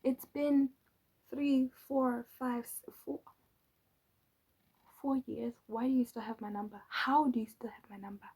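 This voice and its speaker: Slow, breathy woman. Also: fairly high pitch, steady tone, darkish tone, low-quality recording. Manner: drawling, often trailing into whispers; exasperated and mocking. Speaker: channel host. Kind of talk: casual storytelling.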